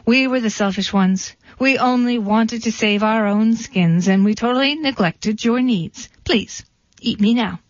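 A large, horned billy goat who insists firmly on taking the blame, voiced by a woman reader. Her voice sits a little high. The recording is dull and dry. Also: measured pace, no room sound, natural voice. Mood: insistent. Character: big horned billy goat, stubborn and self-blaming.

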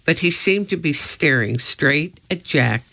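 A woman reading a children's storybook aloud in a measured, deliberate way, in a slightly dull lo-fi recording. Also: deep voice, animated, sharp tone. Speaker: audiobook reader.

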